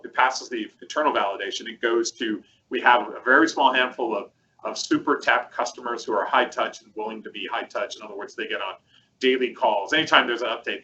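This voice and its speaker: Bright-toned man chatting through a demo. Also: lowish voice, dull audio, a little hiss or hum. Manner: rambling, chatty, many fillers. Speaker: co-host presenting a product demo. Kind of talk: casual webcast chat.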